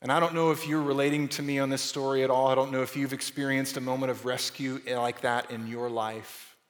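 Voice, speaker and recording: A man preaching a sermon in an earnest way, his delivery moving between raised emphasis and hushed, quiet passages. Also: medium pitch, flat delivery, a little fast. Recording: long hall reverb.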